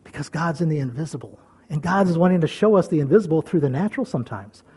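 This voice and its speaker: An older man preaching a sermon in a folksy way, chuckling often and swinging between loud calls and soft whispers. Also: a little high, animated, fast talker, breathy edge. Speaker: pastor.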